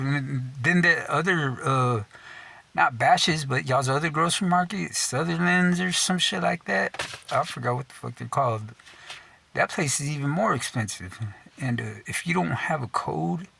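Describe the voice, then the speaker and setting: A man's voice: a little high, gravelly, sharp tone, breathy edge. A young man from Texas telling a casual, profane rant, swearing constantly, saying "dude" a lot and laughing at himself mid-sentence. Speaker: storyteller.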